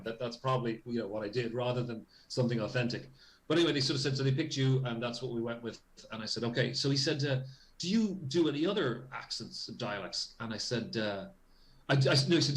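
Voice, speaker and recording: An Irish man, a voice actor, telling a rambling story in an interview, interrupting himself often and acting out the lines he quotes. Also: mid-range voice. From Ireland. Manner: rambling, self-interrupting, acts out quoted dialogue. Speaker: voice actor guest.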